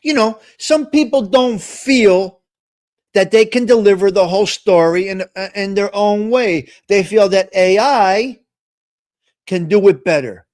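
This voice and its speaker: A man with a fairly high voice rambles through a casual live stream, blunt and quick to mock. The sound is dry and close, with no room around him. He jumps from thought to thought in plain everyday talk. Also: darkish tone, dry recording. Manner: rambling, blunt, mocking asides.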